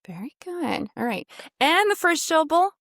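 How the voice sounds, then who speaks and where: A woman coaching pronunciation in a one-on-one lesson, her voice sitting a little high. She models each sound, sings it out and keeps praising the student. The sound is dry and close. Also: very animated, normal speed, a bit bright, no room sound.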